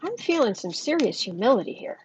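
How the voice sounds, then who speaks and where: A woman at home talks through a psychic tarot reading on a livestream. She answers viewers' chat in a halting, chatty way full of fillers. The audio is dull and lo-fi, with a faint hiss underneath. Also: on the high side, sing-song. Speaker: tarot reader and livestream host.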